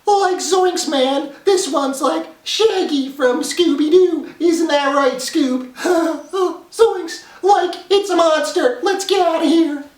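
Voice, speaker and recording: Brief: man doing a high, cracking, scared cartoon slacker. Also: takes it slowly, few pauses. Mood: panicky. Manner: cracking, panicky, drawling. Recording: echoey room, far from mic.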